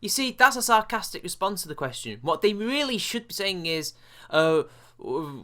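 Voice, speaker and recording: A man's voice: sits high, very animated, moderate pace, pushed and bright. A man from England with a British accent, hosting a sarcastic reaction commentary, mocking and swearing in exasperation. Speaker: commentary video host.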